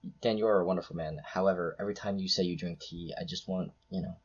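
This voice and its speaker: Husky low-voiced young male podcast host. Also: fairly even intonation, fast, lo-fi sound. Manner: rambling, filler-heavy, jokey. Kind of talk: casual chat. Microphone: call.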